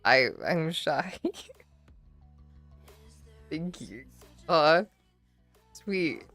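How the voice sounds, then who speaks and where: A woman livestreaming, chatting casually with her viewers and answering their messages in a relaxed, shy, giggly way with plenty of swearing. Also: deep voice, drawn-out words, faint music behind. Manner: reads and answers chat messages. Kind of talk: casual chat with stream viewers.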